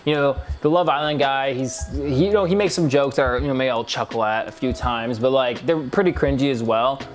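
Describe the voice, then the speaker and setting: A man's voice: medium pitch, brisk, faint music behind. A man reviewing a reality show, sarcastic and crude, laughing often at the clips. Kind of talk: comedic commentary over clips.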